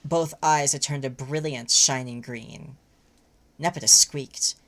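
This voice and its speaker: A woman's voice: a bass voice, slow pace. A woman reading a fanfic aloud as livestream co-host, then chatting with many fillers. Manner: lively narration, rambling with many fillers when chatting. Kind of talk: reading fiction aloud, casual chat.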